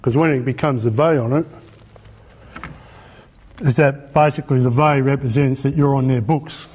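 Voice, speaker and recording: A man's voice: mid-range voice, fairly even intonation, normal speed, darkish tone, breathy edge. An Australian man giving an informal lecture in a colloquial, emphatic way, often asking rhetorical questions. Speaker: presenter.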